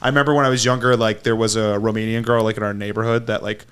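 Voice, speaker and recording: A man's voice: lowish voice, little pitch movement, rapid-fire, fairly bright tone, clean tone. A man chatting as a podcast guest, telling stories in a rambling way full of fillers. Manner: rambling, filler-heavy storytelling. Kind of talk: casual podcast chat.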